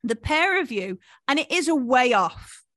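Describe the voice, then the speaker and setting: A woman, narrating a tabletop game as game master, with many pauses and restarts. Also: high-pitched, very animated, fairly bright tone, dry recording, clean studio sound. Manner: hesitant, many fillers and restarts.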